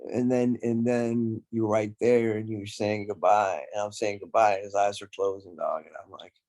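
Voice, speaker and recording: A man's voice: on the low side, level tone, moderate pace, darkish tone. A man as a podcast guest in casual chat, speaking from the heart and rambling with many fillers.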